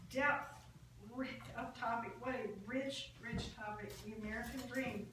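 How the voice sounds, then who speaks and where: A woman speaks with clear assurance, explaining roles at a club meeting. Her voice is a touch high and comes from a distance in an echoey room, with loud cutlery and dish clatter behind. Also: fairly even intonation, moderate pace, heavy background noise. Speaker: table topics master at a club meeting. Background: dishes and cutlery.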